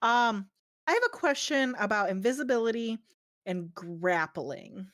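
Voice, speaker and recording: A woman speaks slowly in a dry, close recording while playing a tabletop game. She hesitates and thinks aloud, pausing over her choices and asking about rules. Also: a little high, animated, a bit bright, no echo. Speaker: player. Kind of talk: casual game talk.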